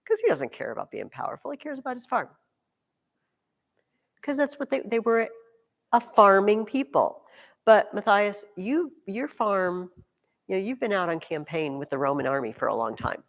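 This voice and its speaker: Animated woman teaching in a reverberant classroom. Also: medium pitch, normal speed, creaky. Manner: animated storytelling with playful asides. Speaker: junior high history teacher. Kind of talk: classroom lecture.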